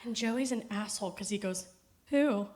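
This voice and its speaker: A woman's voice: medium pitch, fairly quick. Profane chatty stand-up woman. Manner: chatty, profane, laughs at own jokes. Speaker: stand-up comedian. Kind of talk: stand-up set. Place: comedy festival stage.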